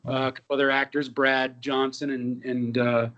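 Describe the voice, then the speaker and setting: A man in his fifties, an actor and musician, telling lively anecdotes with quoted dialogue in a casual interview. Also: medium pitch, normal speed, muffled recording.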